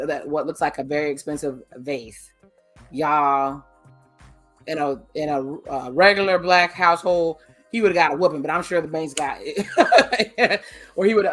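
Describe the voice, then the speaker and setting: A woman recapping a TV episode with candid, chatty asides, speaking on camera. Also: low voice. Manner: candid, chatty, blunt commentary. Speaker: TV episode reviewer. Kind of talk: casual recap with personal asides. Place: indoors, on camera.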